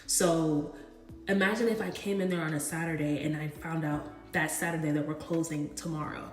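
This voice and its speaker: A young woman chatting casually as a vlogger, retelling a story in an animated, slangy way. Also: low voice, normal speed. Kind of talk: casual storytime while getting ready. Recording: roomy echo with faint music.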